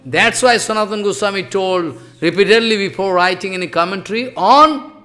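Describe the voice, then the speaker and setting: A man giving an impassioned devotional sermon in English, scolding loudly one moment and dropping to hushed asides the next. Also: sits high, a little fast. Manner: impassioned, scolding, swings between loud outbursts and hushed asides; non-native English with broken grammar. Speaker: spiritual teacher.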